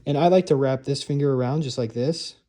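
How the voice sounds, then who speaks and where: A young man gives a relaxed drumline lesson in a loose, rambling way, stopping and restarting his thoughts. He is captured on a camera mic, and a steady hiss of room noise sits under his voice. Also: medium pitch, brisk. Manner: loose and chatty, many fillers and restarts. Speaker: drumline instructor. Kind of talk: casual instructional talk. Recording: noisy room recording.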